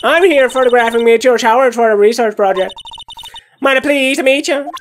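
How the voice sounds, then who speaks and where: A woman's voice: fairly high pitch, brisk, faint music behind, lightly acted. A woman voicing a brash, nosy country woman photographer with a put-on Southern US drawl, folksy and scolding, in a game playthrough. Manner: folksy, scolding, heavy twang.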